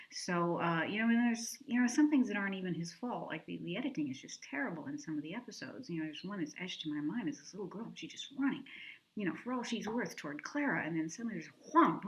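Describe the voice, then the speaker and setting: A woman hosting a casual TV review video, chatty and opinionated with quick asides. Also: on the low side, poor audio. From lives in France.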